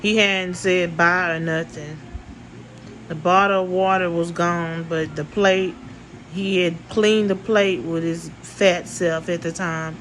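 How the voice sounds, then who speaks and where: Slow, blunt woman telling a story. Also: lowish voice, steady tone, a bit bright, slight background noise, low-quality recording. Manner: blunt, heavy swearing, repeats herself for emphasis. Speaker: vlogger. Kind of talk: casual storytime.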